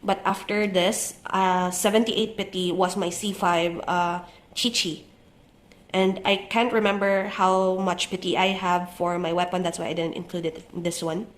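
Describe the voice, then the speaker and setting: A young woman with a cold and a stuffy nose narrates her journal flip-through in a relaxed, casual voice-over, pausing often with "uh". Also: fairly low pitch. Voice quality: soft, relaxed voice-over with many "uh" pauses. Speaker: journaling YouTuber.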